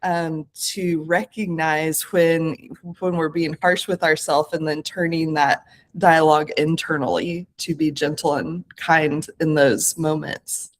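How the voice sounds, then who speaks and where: Woman, late thirties, podcast guest; earnest and reflective, a bit lower voice, talks through her thoughts with fillers. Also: steady tone, measured pace. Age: 30s. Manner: earnest, searching, lots of fillers and self-corrections. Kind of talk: reflective conversational interview.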